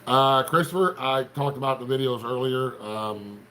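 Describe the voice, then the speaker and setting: Greeting viewers by name, this middle-aged host from Appalachian Ohio chats on his livestream in a folksy, rambling style with an Appalachian accent. His mid-range voice has a fairly bright tone and normal speed, with slight background noise behind it.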